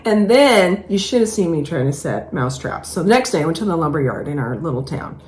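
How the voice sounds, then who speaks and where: Animated storytelling woman host. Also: fairly quick. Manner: animated storyteller, acts out voices with high squeals. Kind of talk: casual chat. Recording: echoey room, faint background noise.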